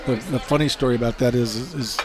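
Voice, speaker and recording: An American man in an average pitch tells his stories easily, often laughing through them. He stumbles over restarts and fillers in a loose, conversational way. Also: fast talker, crowd noise, background noise. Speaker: racing safety expert. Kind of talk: casual interview storytelling.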